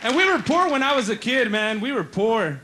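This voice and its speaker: A man's voice: very high-pitched, big pitch swings, a loud crowd, heavy background noise. A man doing a stand-up comedy set, telling punchy stories and acting out his relatives. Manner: punchy storytelling, acting out relatives and cops in quick voices. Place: live comedy stage.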